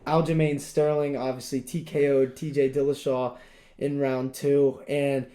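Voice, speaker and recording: A man's voice: medium pitch, little pitch movement, unhurried, dark tone. A young man co-hosting a podcast, talking in a rambling, emphatic casual way with lots of fillers. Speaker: podcast co-host. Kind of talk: casual chat.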